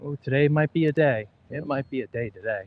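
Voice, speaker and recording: A man's voice: medium pitch, brisk, narrow, tinny audio. A man playing a round of golf on a livestream, joking about his own shots outdoors on the course. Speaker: golfer streaming his round. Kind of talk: casual golf livestream talk.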